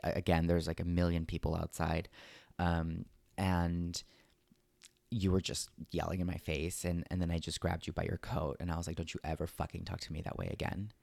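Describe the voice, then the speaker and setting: A man telling a story in casual chat, animated, acting out quotes, swearing, and dropping Spanish words into his English. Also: sits low, gravelly, dry recording. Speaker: podcast co-host.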